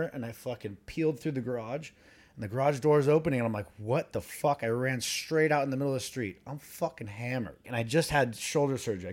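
A man co-hosting a podcast, telling a rambling, profane story among friends and laughing as he goes. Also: medium pitch. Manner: animated, profane, laughs while telling stories. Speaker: podcast co-host.

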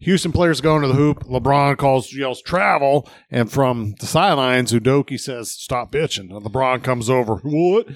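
A man's voice: medium pitch, moderate pace, hardly any pauses, dry recording. A man co-hosting a casual sports podcast who tells stories and acts out what others said. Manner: storytelling, acts out quotes. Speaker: podcast co-host.

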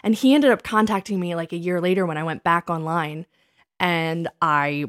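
A woman in her thirties, co-hosting a casual chat and telling her dating stories in an animated way, acting out what people said. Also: lowish voice, moderate pace. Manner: animated storytelling, acts out quoted lines. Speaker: podcast co-host.

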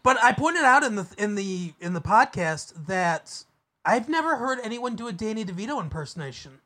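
A young man with a high voice co-hosts a podcast in loose casual chat. He rambles and restarts his sentences, and he laughs easily. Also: very animated, normal speed, pushed and bright. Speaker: podcast co-host.

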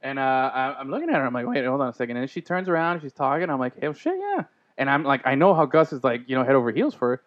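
A man's voice: medium pitch, racing, few pauses, dull audio. A man telling a story in casual podcast chat, acting out the quotes. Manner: animated storyteller, acts out quotes. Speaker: podcast host.

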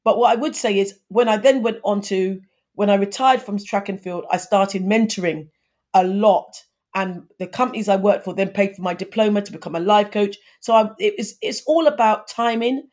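She's in her fifties, a guest in a conversational interview, giving earnest advice and restarting often as she talks. Her mid-range voice has a slightly mellow quality.

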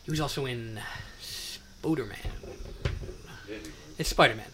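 A man's voice: mid-range voice, unhurried, noisy background. A man co-hosting a casual comedy podcast, teasing his friends and rattling off film trivia. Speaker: podcast co-host.

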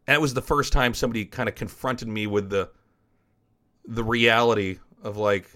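A man's voice: on the low side, fairly even intonation, moderate pace, sharp tone. A man hosting a podcast, telling a personal story in a frank, rambling way and swearing casually. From United States. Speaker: podcast host and esports caster.

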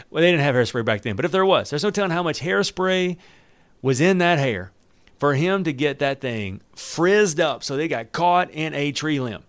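A pastor with a mid-range voice preaches a sermon, reading scripture aloud and interrupting himself with animated, joking asides and laughs. There's no room sound on the recording.

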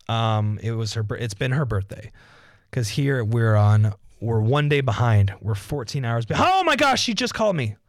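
A man's voice: mid-range voice, darkish tone, dry recording, clean studio sound. A young man hosting a solo podcast from home, rambling, joking and losing his thread. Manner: self-mocking. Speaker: podcast host. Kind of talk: solo casual podcast monologue. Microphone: desk microphone.

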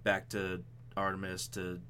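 A man co-hosting a casual podcast, talking animatedly about a film adaptation, with frequent ums and quick laughs. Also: sits low, completely flat delivery, bright, forceful tone, slight background noise. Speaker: podcast co-host.

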